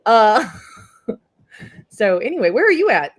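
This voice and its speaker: A woman's voice: on the high side, sing-song, a little slow. A woman from central Indiana hosting a casual chat, rambling and giggly, with plenty of filler words. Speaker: host.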